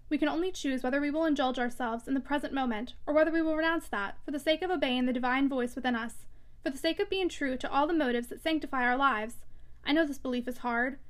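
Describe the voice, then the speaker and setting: Female reader as conscience-torn young heroine, pleading, high voice. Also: lightly acted. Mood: earnest. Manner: earnest, pleading, emotional delivery.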